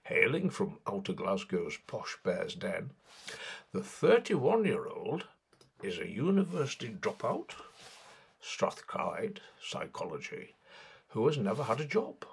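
A man's voice: fairly low pitch, wildly swooping pitch, measured pace, gravelly, slightly rough. A man delivering sardonic satirical political commentary in a mocking, sarcastic way.

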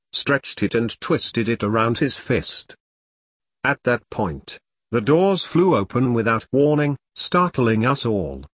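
A man narrating a story in a lively, expressive reading. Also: medium pitch, no echo, studio quality.

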